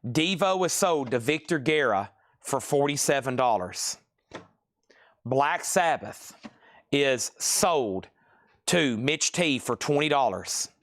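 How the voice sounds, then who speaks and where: A man hosting a live-stream vinyl auction, calling bids and names in hyped, rapid patter and acting out buyers' amazed reactions. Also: mid-range voice, lively intonation, a bit bright. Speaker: live sale host.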